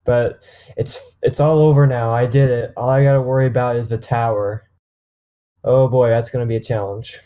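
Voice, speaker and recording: A man's voice: mid-range voice, fairly even intonation, normal speed, warm tone. A man interviewed as a competitor, out of breath and stumbling over repeated words. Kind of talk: post-run interview.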